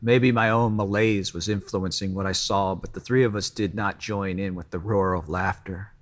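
A man narrating a first-person story in a measured, even reading. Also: deep voice.

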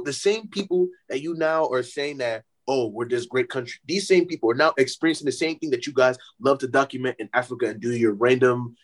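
A man with a Nigerian accent, co-hosting a casual podcast chat, speaking with passion and repeating points for emphasis. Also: mid-range voice. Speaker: podcast co-host.

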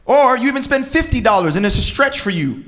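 A man in his thirties co-hosting a casual chat about parenting and relationships, animated and slangy with preacher-like exclamations. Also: extremely high pitch, quick pace. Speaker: podcast co-host.

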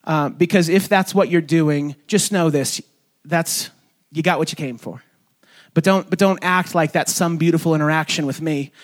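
A young man preaching to his church in a loose, conversational style, his fairly high voice stumbling through small restarts and fillers. Every so often he leaps way up in pitch to act out someone's excited words. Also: normal speed. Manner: acts out quoted voices in sudden high pitch. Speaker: pastor. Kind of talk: sermon. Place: church sanctuary.

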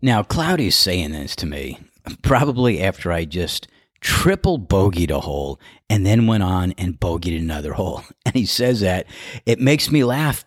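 Deep-voiced man telling golf stories. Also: no echo, clean studio sound. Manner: chatty, laughs while telling anecdotes. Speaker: podcast host. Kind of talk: casual storytelling monologue.

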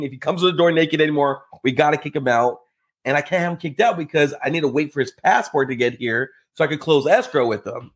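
A man telling a story as a podcast guest, acting out the people in it with lively jumps in his voice. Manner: animated, acts out quotes with big pitch jumps. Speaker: podcast guest, real estate investor. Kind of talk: casual storytelling in conversation.

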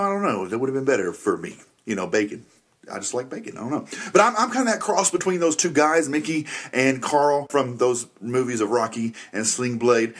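Middle-aged man, podcast host, upbeat, motivational, jokey, mid-pitched voice. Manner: upbeat motivational, jokey, repeats "that's right". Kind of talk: Christian family podcast monologue.

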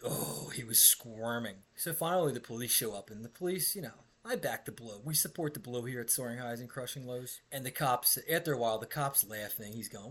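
A man hosting a podcast, telling a rowdy, profane story with brash energy and shouted quoted bits. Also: medium pitch, slightly rough. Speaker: podcast host.

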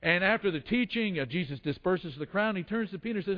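A man's voice: high voice, lively intonation, quick pace. A man preaching a sermon, telling the story with acted quotes and frequent restarts. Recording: dull lo-fi sound in a long-reverb hall.

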